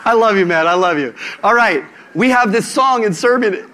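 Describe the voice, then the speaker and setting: High-voiced man preaching a lively sermon. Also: normal speed. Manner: animated, conversational preaching with humor.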